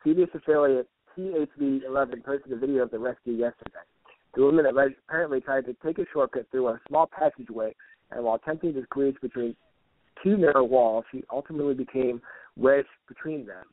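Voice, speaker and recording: A man's voice: medium pitch, fast talker. A man co-hosting a paranormal news podcast, reading stories and riffing with crude, profane jokes. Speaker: co-host. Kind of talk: casual comedic podcast chat. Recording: tinny, phone-like, dry.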